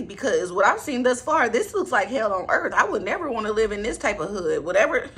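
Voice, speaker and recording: A young woman reviewing a movie in casual, chatty commentary, sassy and animated, with laughing asides and rhetorical questions. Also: mid-range voice, husky. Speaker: movie reviewer, channel host.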